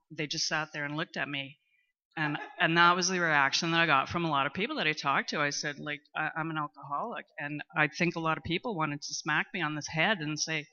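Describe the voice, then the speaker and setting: A middle-aged woman, speaking candidly in a personal testimony at a recovery meeting, talkative and at times loud and boisterous. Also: low voice, fairly even intonation, a little fast. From Canada. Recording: muffled lo-fi recording.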